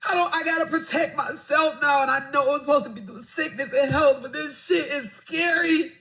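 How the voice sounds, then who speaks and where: A woman in a played video clip speaks in a very high, bright voice. She sounds upset and exasperated, swearing as she vents. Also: normal speed, creaky, rough recording. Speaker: wife in a viral video. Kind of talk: emotional confession to camera.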